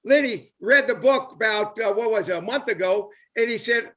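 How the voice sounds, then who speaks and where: Excited older man with a drawl. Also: high voice, moderate pace. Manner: rambling, repetitive, enthusiastic with many fillers. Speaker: host, former baseball player. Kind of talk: casual live chat.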